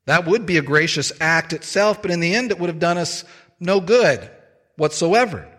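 Male preacher, fairly high voice, unhurried and emphatic, long hall reverb. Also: expressive, a bit bright. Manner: measured, emphatic preaching with slow stressed phrases. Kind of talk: sermon.

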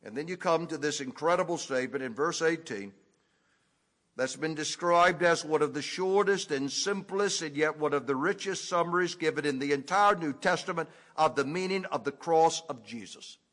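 A man preaching an expository sermon, teaching deliberately and leaning hard on key words. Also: on the high side, fairly bright tone. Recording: echoey hall with long reverb.

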